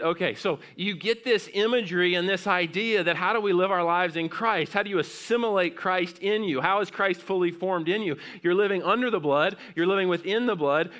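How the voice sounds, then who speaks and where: Male pastor mid-sermon, bright and crisp, slightly high-pitched, drops to a hush then climbs loud. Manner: swings from loud rising exhortation to hushed near-whispers; asks the congregation questions and reads scripture aloud.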